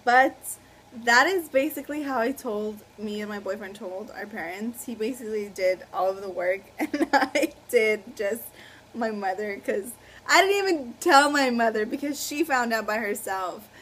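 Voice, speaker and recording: A woman's voice: a little high, normal speed, fairly bright tone, rough recording. Young woman in her 20s rambling thru a storytime vlog, lots of "like"s, kinda awkward, faint noise behind. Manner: rambling, filler-heavy, a little awkward. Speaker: vlogger. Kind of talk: casual storytime chat.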